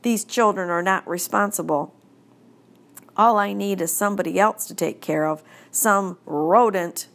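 A woman's voice: medium pitch, moderate pace, gravelly, a bit bright. A woman voicing a stern, moody schoolteacher who speaks in a prim, grumbling way, in an audiobook reading. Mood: grumbling, angry. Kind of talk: audiobook character voice.

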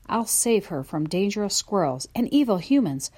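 A woman's voice: lowish voice, moderate pace, few pauses, husky. A woman narrating a children's story in a first-person voice, telling it expressively. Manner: expressive, lively storytelling from a dog's view. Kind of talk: audiobook narration.

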